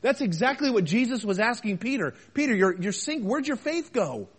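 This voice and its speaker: A high-voiced man preaching a sermon as a pastor. He talks to the congregation in a conversational way, with rhetorical questions. He swings between loud emphasis and soft, quiet asides. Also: very animated, moderate pace, breathy edge.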